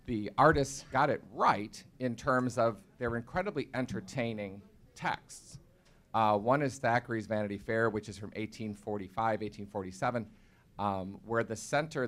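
A man speaking as a faculty panelist, relaxed and self-deprecating as he introduces his texts. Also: on the low side. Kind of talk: panel talk.

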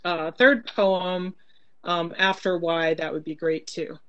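A woman's voice: fairly low pitch, steady tone, slow pace, no echo, highs cut off. A woman hosting an online poetry event over a video call, speaking casually with many hesitations. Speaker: event host.

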